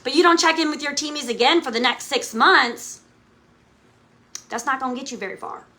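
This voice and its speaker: Bright, high-voiced woman coaching her team. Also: brisk. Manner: emphatic, repeats "okay?" to check in. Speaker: direct sales team leader. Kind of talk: motivational talk to camera. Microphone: camera mic, speaking to camera.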